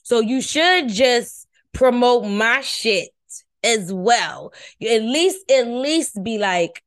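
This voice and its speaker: A woman's voice: on the high side, animated, takes it slowly. A woman hosting a podcast, giving casual, brash and profane commentary on a reality show, sleepy late at night.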